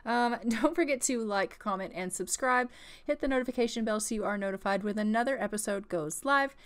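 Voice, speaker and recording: A woman's voice: fairly high pitch, brisk. A woman hosting a gaming channel, giving casual gameplay commentary with sassy, exasperated banter and swearing.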